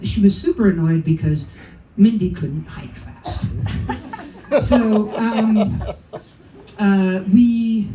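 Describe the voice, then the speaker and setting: A woman's voice: fairly low pitch, mellow. A woman from California telling a funny personal story on stage, wry and self-deprecating, with profane asides and laughs from the crowd. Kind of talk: live comic storytelling. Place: comedy club stage. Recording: roomy club sound from a distant mic. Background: audience laughter and faint room ambience.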